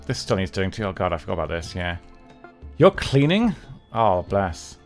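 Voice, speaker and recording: With faint music in the background, a deep-voiced man talks fairly quickly as he streams a strategy game. His casual commentary drifts between chatting and muttering to himself and to his characters.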